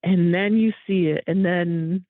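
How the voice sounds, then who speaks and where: A woman's voice: on the low side, measured pace, no room sound. Woman telling her story over a tinny line. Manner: emotional, animated storytelling. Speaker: guest, thru-hiker. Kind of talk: casual interview chat.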